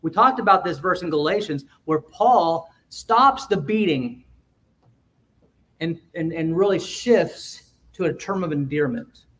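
A man's voice: fairly high pitch, animated, measured pace, fairly bright tone, recorded from a distance. A male pastor giving an explanatory sermon in a church, restarting phrases and putting questions to his congregation. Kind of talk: expository sermon. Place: church sanctuary.

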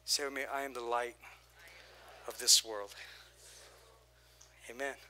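A man preaching a sermon as pastor, energetic, with repeated phrases and call-and-response, his voice prone to going hoarse. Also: medium pitch, takes it slowly, slight background noise.

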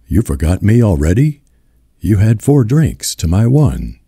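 A man doing steady young farmhand Tom. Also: on the low side, a little slow, gravelly, husky, no room sound, studio quality, pitched above the performer's own voice, exaggerated voice. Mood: teasing.

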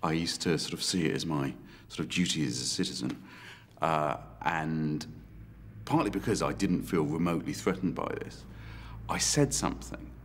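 Very deep-voiced man, measured testimony. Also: a little hiss or hum. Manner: measured, reflective, halting pauses. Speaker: interviewee recounting an assault. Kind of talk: documentary testimony. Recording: music bed under the voice.

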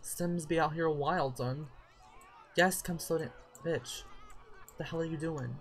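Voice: medium pitch, measured pace, slight background noise. A gameplay commentator giving casual let's-play commentary, sassy and profane, scolding the characters on screen.

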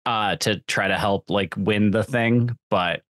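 A man's voice: lowish voice, unhurried, fairly bright tone, dry recording, clean studio sound. A man co-hosting a podcast, explaining points about a book and its film in a thoughtful, casual way. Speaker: podcast co-host. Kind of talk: casual movie-review chat.

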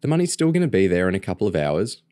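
A man's voice: low voice, very animated, very fast, dark tone, no echo, studio quality. A man reading aloud, voicing a cheeky teenage boy who teases his sister in an offhand way. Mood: teasing. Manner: teasing, offhand. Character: cheeky teenage boy, teasing big brother.

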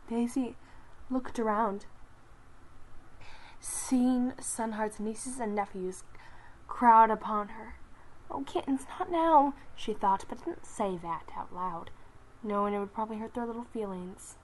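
A young woman telling an animal story, reading slowly and haltingly with restarts and soft whispered asides. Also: mid-range voice, fairly even intonation, poor audio. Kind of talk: story narration.

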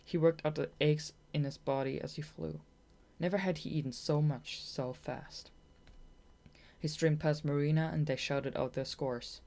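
A woman narrating a children's audiobook in a measured, gentle storytelling manner. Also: deep voice, steady tone.

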